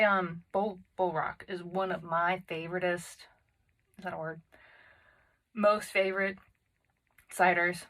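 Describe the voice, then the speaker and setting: A woman's voice: fairly low pitch, a bit bright, low-quality recording. Woman doing a solo podcast from her closet on her phone, chatty, lots of ums, pokes fun at herself. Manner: chatty and self-deprecating, many fillers. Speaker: podcast host. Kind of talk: casual solo podcast chat. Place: home closet. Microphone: phone and computer.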